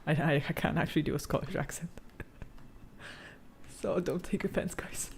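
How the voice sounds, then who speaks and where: Game streamer, casual live chat, slangy, cursing, reads chat out loud, rambling. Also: medium pitch, animated, unhurried, creaky, a little hiss or hum. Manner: rambling, many fillers and restarts.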